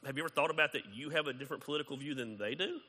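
A man preaching a sermon as pastor, conversational and animated, acting out quoted exchanges. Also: fairly high pitch, racing, in a large hall.

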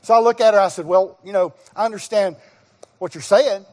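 A middle-aged male guest pastor preaching, telling a personal story with acted-out dialogue and sudden shouts. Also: high voice, brisk. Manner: animated storyteller, acts out dialogue, bursts into shouts. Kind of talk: sermon storytelling. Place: church sanctuary. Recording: long reverb of a church hall.

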